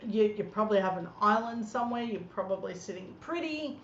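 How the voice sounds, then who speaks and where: A woman's voice: mid-range voice, animated, brisk, hardly any pauses, fairly bright tone. Angry woman ranting, echoey room. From Australia. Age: 30s. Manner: angry, scornful, blunt. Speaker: political commentator. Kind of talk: ranting political commentary. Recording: echoey room, dull lo-fi sound, faint noise.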